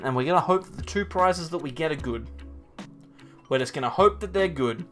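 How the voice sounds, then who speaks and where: A man's voice: on the high side, a bit bright. A man hosting his channel, giving chatty, self-mocking live commentary on a card game match and talking to his opponent. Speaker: channel host.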